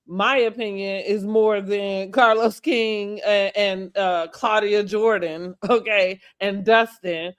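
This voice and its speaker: A woman co-hosting a casual reality TV recap, talking in an animated, sassy way and laughing often. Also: medium pitch, takes it slowly, hardly any pauses, clear, resonant tone. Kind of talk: casual chat.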